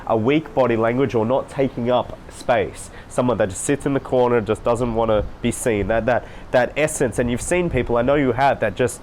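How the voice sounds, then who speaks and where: A man's voice: medium pitch, normal speed, few pauses, a little mellow, slight background noise. A man coaching his viewers in a casual, emphatic monologue, repeating phrases for stress. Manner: emphatic, repetitive, mimics voices to demonstrate. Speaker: social life coach. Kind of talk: solo talk to camera, coaching monologue.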